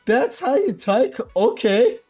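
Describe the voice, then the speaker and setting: A man from Iran speaks English with a Persian accent, chatting playfully with viewers during a game stream. His pitch swoops and leaps about while his pace stays slow and easy. Faint background music plays under his voice. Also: sing-song, a little mellow, breathy edge, muffled recording. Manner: laughs often, playful banter with chat. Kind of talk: casual game livestream chat.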